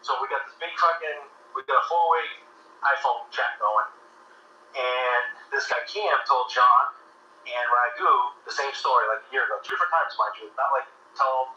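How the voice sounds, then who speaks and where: A man tells a story bluntly and swears freely, his voice bright and forceful. The call sounds dull and lo-fi with a roomy echo. A faint hiss sits behind him. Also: medium pitch. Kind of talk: recounting a story on a phone call. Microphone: phone line. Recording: muffled echoey phone call audio.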